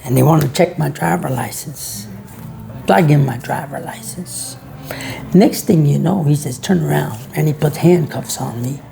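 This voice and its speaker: Gravelly man ranting. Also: a little high, moderate pace, warm tone, faint music behind. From Georgia, USA. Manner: sarcastic, rhetorical, storytelling. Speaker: vlog host. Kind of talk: ranting monologue.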